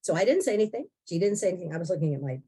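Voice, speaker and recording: A woman's voice: lowish voice, lively intonation, very fast, warm tone, husky. A woman in her sixties, a podcast guest telling her own story in a wry, blunt way with frequent laughs. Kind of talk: candid personal storytelling.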